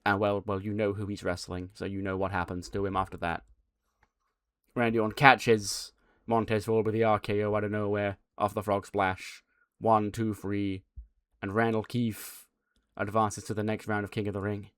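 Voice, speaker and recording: A man's voice: fairly low pitch, level tone, moderate pace, smooth, no echo, studio quality. A man casually narrating a game playthrough, swearing as he recaps events. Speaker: game channel host.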